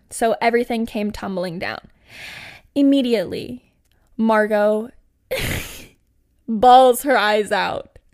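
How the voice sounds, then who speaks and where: A woman in her twenties hosting a podcast, chatting through a funny personal story with lots of "like" and laughs. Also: a little high. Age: 20s. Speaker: podcast host. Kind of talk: casual storytelling.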